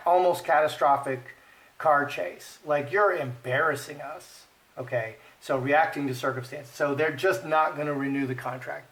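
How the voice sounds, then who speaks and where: A man giving casual commentary while reading cards, thinking aloud, repeating himself and murmuring the card names. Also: fairly high pitch. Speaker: card reader.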